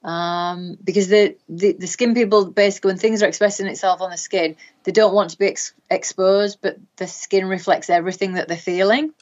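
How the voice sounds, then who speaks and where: A woman's voice: medium pitch, steady tone, a little fast, few pauses, darkish tone, muffled recording. A woman with a Northern English accent, a guest practitioner explaining health topics in a podcast interview, talking in long runs full of ums.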